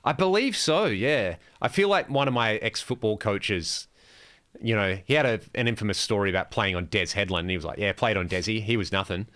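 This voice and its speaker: Teasing Australian man, low voice. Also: animated, brisk, a bit bright. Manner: teasing, banter-heavy. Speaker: podcast co-host. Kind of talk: casual chat.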